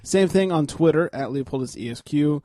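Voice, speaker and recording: A man's voice: on the high side, normal speed, dark tone, dry recording, clean studio sound. A man hosting a sports comedy podcast, chatting loosely and joking through plugs with lots of filler words. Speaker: podcast host. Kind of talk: casual sports comedy chat.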